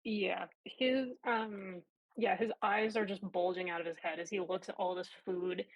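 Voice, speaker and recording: A woman's voice: mid-range voice, fairly even intonation, unhurried, muffled recording. A woman player vividly describing her monster character's actions in a tabletop game.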